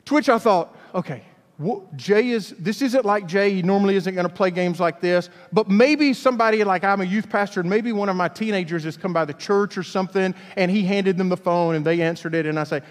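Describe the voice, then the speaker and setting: A man's voice: sits high, a little fast, big-room sound. A man from Alabama, a youth pastor telling a chatty story in a sermon, with stumbling restarts.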